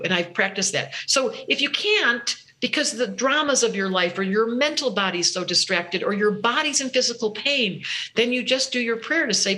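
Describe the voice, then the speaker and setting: A woman spiritual teacher talking as an interview guest, expressive, acting out her own inner voice. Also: medium pitch, normal speed. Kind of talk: interview conversation.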